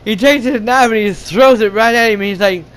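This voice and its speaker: A man retelling a movie's plot in a casual, halting, profane way, often restarting his sentences. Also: high-pitched, fairly bright tone, smooth. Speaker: gaming channel host.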